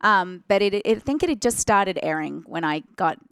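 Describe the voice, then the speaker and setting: Australian woman with a smooth voice. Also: mid-range voice, lively intonation, moderate pace, no room sound, clean studio sound. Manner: chatty, laughs often. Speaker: guest. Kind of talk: interview. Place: radio studio.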